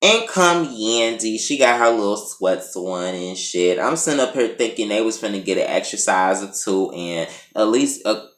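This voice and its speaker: A man's voice: lowish voice, expressive, normal speed, a bit bright. A man giving a sassy, profane, casual recap of a reality show episode in his vlog. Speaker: TV recap vlogger. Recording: roomy echo.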